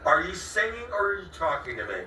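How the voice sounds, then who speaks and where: A man with a bright, slightly high voice that keeps cracking asks the same questions again and again, slowly and with mounting exasperation. He sounds a little distant from the mic in an echoey room. Faint room ambience sits behind him. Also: sing-song, a little hiss or hum. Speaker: vlogger confronting a friend. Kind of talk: heated confrontation on camera.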